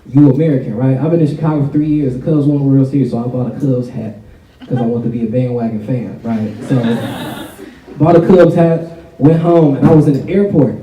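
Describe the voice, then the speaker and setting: A man's voice: mid-range voice, steady tone, a little fast, dull audio. A young man from Canada doing a loose, conversational stand-up set in a large college hall, laughing at his own jokes. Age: young adult. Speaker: stand-up comedian. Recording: echoey hall, mic picked up from far off, loud crowd.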